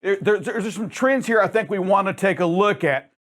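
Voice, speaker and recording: A man with a notably high speaking voice hosts a trucking safety show. He talks emphatically and addresses drivers directly, often stumbling over and repeating words. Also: moderate pace, fairly bright tone. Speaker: show host.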